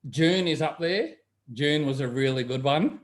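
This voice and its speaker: A man's voice: on the high side, a little slow. Chatty man telling stories. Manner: chatty storyteller, acts out quoted voices. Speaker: guest. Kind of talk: casual chat.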